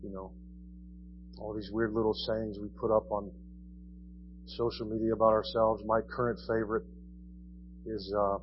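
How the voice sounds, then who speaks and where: A man's voice: fairly low pitch, flat delivery, normal speed, pauses often, muffled recording, a little hiss or hum. A man preaching a sermon in a conversational style, asking his listeners question after question. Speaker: pastor. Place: church.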